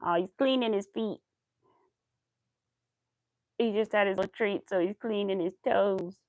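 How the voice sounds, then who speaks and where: A woman's voice: mid-range voice, measured pace, a little mellow, no room sound. A woman crochet vlogger chatting casually to her viewers and her dog, cooing baby talk at the pet.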